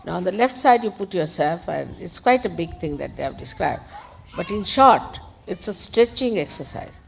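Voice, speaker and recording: An older woman gives a spiritual talk in a conversational, admonishing way. Her voice sits low but swings widely in pitch. She drifts into asides as she speaks. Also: animated, moderate pace, gravelly, slight background noise. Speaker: spiritual teacher.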